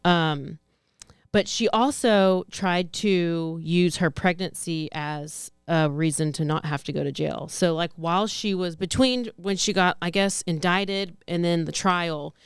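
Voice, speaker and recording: A woman's voice: on the low side, unhurried, clean tone, no room sound, clean studio sound. A woman co-hosting a podcast, chatting casually about true-crime news in a rambling, self-correcting way. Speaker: podcast co-host.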